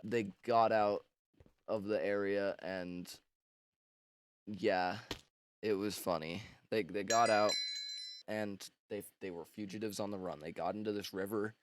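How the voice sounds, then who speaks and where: A man with a somewhat low voice retells a story in a loose, comedic way. His talk rambles and is full of slang, swearing, fillers and false starts. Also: slight background noise. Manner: rambling, slangy and profane, with frequent fillers and restarts. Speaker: book summarizer. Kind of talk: casual comedic story recap.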